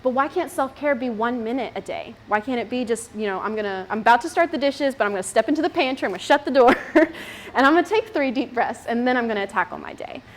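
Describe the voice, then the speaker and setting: A woman's voice: fairly high pitch, lively intonation, quick pace, slight background noise. A woman in her thirties giving a chatty talk to a group of mothers, laughing often and using many fillers. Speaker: speaker at a moms' group. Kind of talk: casual talk to an audience.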